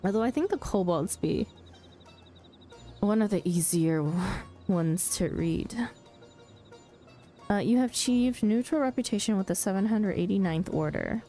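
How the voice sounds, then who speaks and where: A tired woman chats casually while she plays, yawning between quiet remarks to herself. Her voice sits at an ordinary pitch, and soft game music runs in the background. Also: measured pace, pauses often. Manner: quiet, drifting asides to herself. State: sleepy, yawning. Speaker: game streamer. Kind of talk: casual gameplay commentary.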